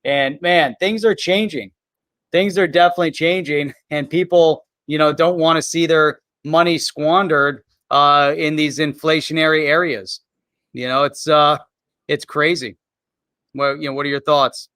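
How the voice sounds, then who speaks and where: A man's voice: a little high, steady tone, a little slow, sharp tone, no echo, clean studio sound. A man hosting a live show in a loose, chatty way, often dropping "man" and "you know". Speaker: livestream show host. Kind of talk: casual chat.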